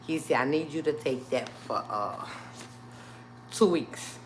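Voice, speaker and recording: A woman with a rumbling low voice tells her live stream audience a story at a slow pace, over slight background noise. She's animated, acts out what people said and keeps calling her viewers y'all.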